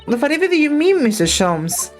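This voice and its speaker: A woman's voice: high-pitched, big pitch swings, moderate pace, faint music behind, voice pushed up. A woman reading the lines of a polite, earnest young male lawyer in a game, sounding puzzled.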